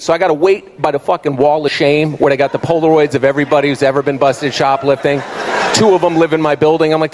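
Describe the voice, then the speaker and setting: A man doing an animated stand-up comedy routine on a club stage, acting out every character. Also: a little high, quick pace, a little hiss or hum. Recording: live stage with crowd laughter.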